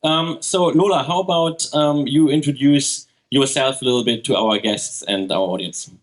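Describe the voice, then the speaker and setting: A man's voice: medium pitch, moderate pace, rough recording. A man with a German accent interviewing a guest on stage, cheerful and stammering a little. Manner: cheerful, laughing, stammering restarts. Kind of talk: live interview. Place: event venue with live audience.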